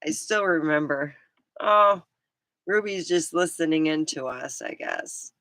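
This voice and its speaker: A middle-aged woman vlogging in a rambling, casual chat, scattered and quick to laugh. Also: low voice, expressive, a bit bright, dry recording. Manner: chatty, scattered, laughs a lot.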